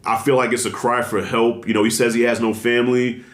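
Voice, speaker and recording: A man giving blunt, animated commentary in a casual vlog, talking with heavy slang and strong emphasis. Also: mid-range voice, a little fast. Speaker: commentary vlogger. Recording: roomy echo.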